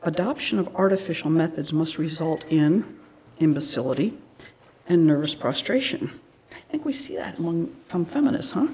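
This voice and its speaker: A woman's voice: low-pitched, animated, normal speed, creaky, a little mellow, a little hiss or hum. A woman giving a public lecture, telling stories in a conversational way with frequent asides.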